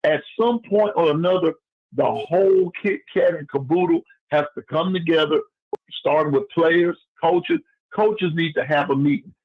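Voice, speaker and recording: A man calling in to a sports show, ranting loudly to fair-weather fans. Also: a little high, very animated, moderate pace. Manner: loud, fired-up preaching rant. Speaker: caller and chat moderator. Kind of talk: phone-in rant. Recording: dull lo-fi phone call.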